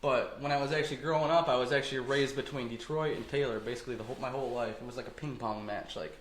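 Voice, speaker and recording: A man in his twenties from Michigan, telling a story as a podcast guest in a casual, animated and profane way. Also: mid-range voice, quick pace, roomy sound, a little hiss or hum, rough recording. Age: 20s.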